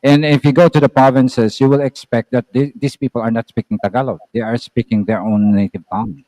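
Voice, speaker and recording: A man's voice: medium pitch, little pitch movement, fairly quick, warm tone, no echo, poor audio. A man from the Philippines with a Filipino accent, explaining words in a casual conversation and often repeating himself with many filler words. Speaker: guest explaining Filipino languages.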